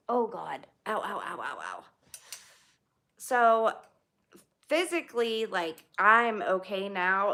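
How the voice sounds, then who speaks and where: A woman's voice: medium pitch, sharp tone. A woman, chatting casually with livestream viewers, greeting them by name and laughing often. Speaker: livestream host.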